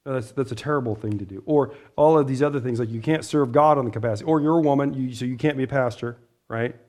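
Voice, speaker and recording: A man preaching a casual sermon, talking things through with the room, asking for agreement and often clearing his throat. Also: medium pitch, fast talker, a little mellow. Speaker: pastor.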